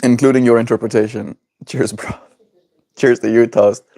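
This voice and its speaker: A man's voice: mid-range voice, fairly even intonation, moderate pace, vocal fry, mellow. A man hosting a daily livestream, chatting in a playful, rambling, jokey way. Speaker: livestream host. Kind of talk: casual livestream chat.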